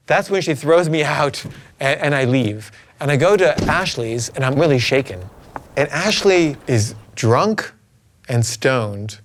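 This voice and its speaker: A man's voice: mid-range voice, a little hiss or hum. A middle-aged man telling a personal story in a rambling, anxious way full of fillers. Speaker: filmmaker recounting his life.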